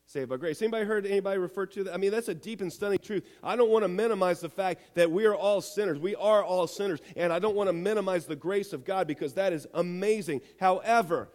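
A man's voice: sits high, fast talker, few pauses, darkish tone. A male pastor preaching a sermon and reading scripture, emphatic, repeating phrases and firing rhetorical questions at the congregation. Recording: long hall reverb.

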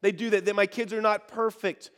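A man's voice: sits high, steady tone, a little fast, a bit bright, in a large hall. A male pastor preaching a sermon, telling stories, acting out the people he quotes and calling on the congregation to respond. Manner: storytelling, acts out the people he quotes.

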